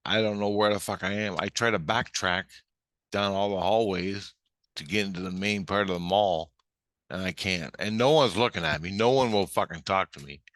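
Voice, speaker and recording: A vlogger, a middle-aged man, relates a bizarre spiritual experience in a profane, rambling, agitated way full of restarts. His low voice has a fairly bright tone and a moderate pace, captured in clean studio sound with no echo.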